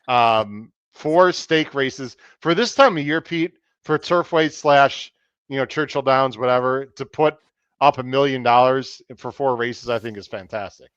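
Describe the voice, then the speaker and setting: A man's voice: medium pitch, fairly bright tone, dry recording, highs cut off. A man hosting a live-streamed podcast, chatty and upbeat, reading out viewer comments between topics. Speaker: podcast host.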